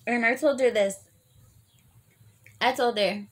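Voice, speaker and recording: A woman telling a long story in a casual eating vlog, animated, swearing freely and full of fillers. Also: fairly high pitch, takes it slowly, pauses often.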